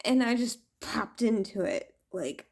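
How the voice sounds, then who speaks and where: A woman's voice: a little high, unhurried, darkish tone. A woman tarot reader talking casually to camera, rambling, laughing often and swearing.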